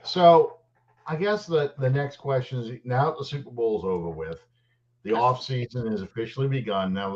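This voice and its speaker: A man co-hosting a casual sports chat, telling stories in a rambling, animated way with many restarts. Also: mid-range voice. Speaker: podcast co-host. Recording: dull lo-fi audio.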